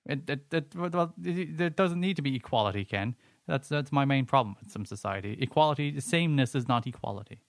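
A man co-hosting a podcast, bantering casually and giving his opinions quickly. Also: mid-range voice, lively intonation, dry recording, studio quality. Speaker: podcast co-host.

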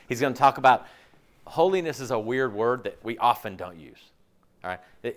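A man preaching a sermon in a lively, conversational way, joking and asking the congregation frequent questions. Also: mid-range voice. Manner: asks the audience frequent questions. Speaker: pastor.

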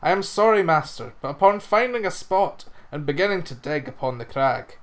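A man's voice: fairly high pitch, lively intonation, normal speed, natural voice. A man voicing a nervous young farm labourer who apologises humbly to his master. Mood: apologetic. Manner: apologetic, deferential.

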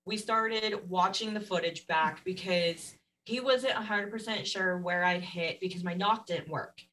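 A woman guest telling a story in a casual, animated way, laughing often and acting out what others said. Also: fairly low pitch, unhurried, distant mic, poor audio. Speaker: podcast guest.

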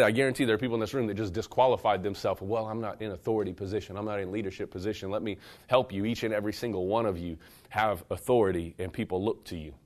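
His voice is fairly low in pitch as he preaches in a church service room with a live congregation present. Conversational and animated, the pastor speaks straight to the room, swinging from loud emphasis into softer, intimate passages.

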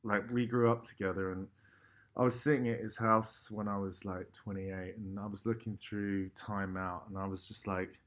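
Middle-aged man, low-ish voice, loose sweary storyteller with many fillers. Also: flat delivery, brisk. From London, England. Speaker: graffiti artist guest. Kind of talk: casual storytelling.

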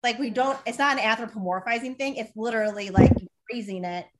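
Young woman guest, casual blunt chatter, lively and profane. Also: fairly high pitch, fast, very noisy. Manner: animated, swearing, filler-heavy, acts out voices. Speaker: podcast guest. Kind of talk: casual podcast chat.

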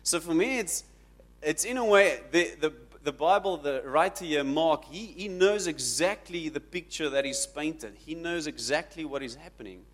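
Man, preacher, dramatic sermon delivery, slightly high voice. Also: expressive, moderate pace. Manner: dramatic, rising to shouts when quoting. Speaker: pastor.

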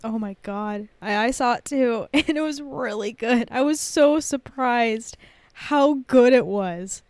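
A bubbly, chatty woman hosting a podcast, talking with a friend in easy conversation. Her voice sits a little high and sounds smooth and clear. The sound is dry and close, with no room around it. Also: takes it slowly, darkish tone, no echo. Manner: bubbly and chatty, laughs easily. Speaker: podcast host. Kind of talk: casual chat.

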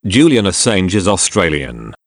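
A man reading short fact corrections in a deadpan, matter-of-fact narration. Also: low-pitched, moderate pace, dry recording, studio quality.

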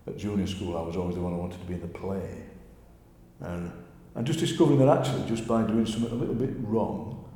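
A man with a Yorkshire accent, a poet telling stories in a lively, chatty interview. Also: sits low, fast. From Yorkshire, England. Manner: chatty, animated storyteller, often laughing. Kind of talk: conversational interview. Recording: echoey room with long reverb.

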